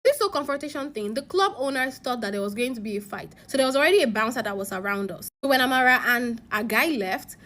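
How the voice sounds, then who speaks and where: A woman narrating a story-time letter with a fairly high voice. She is animated, dropping to hushed asides and then jumping up loud at the big moments. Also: fast, few pauses.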